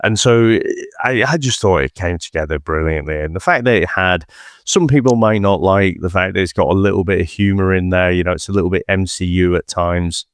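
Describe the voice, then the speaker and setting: Brief low male voice, rambling podcast co-host, dry close sound. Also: fairly quick, clear, resonant tone, no room sound. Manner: rambling, many "you know" fillers and restarts. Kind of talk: casual film-podcast chat.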